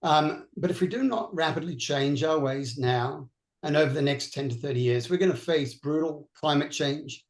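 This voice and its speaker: A man's voice: on the high side, normal speed, echoey room. A man with an Australian accent, a veterinary neurologist answering on a panel in an earnest, explanatory way.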